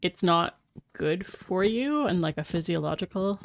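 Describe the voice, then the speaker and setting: A woman's voice: on the low side, animated, a little slow, a little hiss or hum. A woman streaming a survival game, chatting casually, explaining facts with ums and easy laughs. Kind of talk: casual chat while gaming. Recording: faint music behind.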